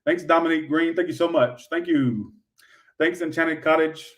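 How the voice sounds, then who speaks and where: A man's voice: on the high side, normal speed. A man giving a livestream tarot reading in a sassy, profane, rambling way, talking straight to his viewers. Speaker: tarot reader.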